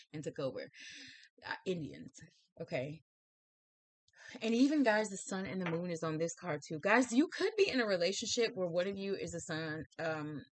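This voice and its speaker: A woman with a slightly low voice giving a spiritual tarot reading straight to camera. She talks in an earnest, encouraging way, often pausing on fillers and starting her sentences over. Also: dry recording. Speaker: tarot reader and psychic.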